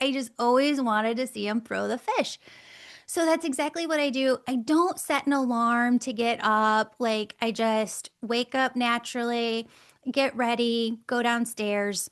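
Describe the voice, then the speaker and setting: A middle-aged woman, a guest on the show, telling a personal story in a lively way, laughing often and acting out the voices she quotes. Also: on the high side, moderate pace. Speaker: guest, angel communicator.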